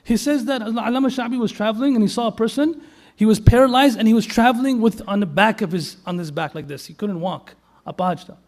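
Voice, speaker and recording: A man's voice: high-pitched, fast talker. A man preaching a sermon, telling stories animatedly, asking his listeners questions and slipping Arabic and Urdu phrases into his talk. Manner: animated storyteller, asks the audience questions. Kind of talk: storytelling sermon.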